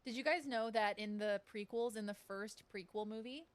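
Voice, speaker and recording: A woman's voice: medium pitch, normal speed, background noise. A woman streaming games, chatting playfully with her viewers and laughing often. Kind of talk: live-stream gaming chat.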